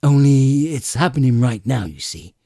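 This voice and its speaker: A man's voice: mid-range voice, big pitch swings, mellow, husky, no echo, clean studio sound, pitched above the performer's own voice, full character voice. A man doing a stammering, flustered alien rogue. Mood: nervous, pleading. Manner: stammering with many "uh"s and hurried pleading. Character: flustered male alien adventurer, evasive and fidgety. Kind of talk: audiobook character voice.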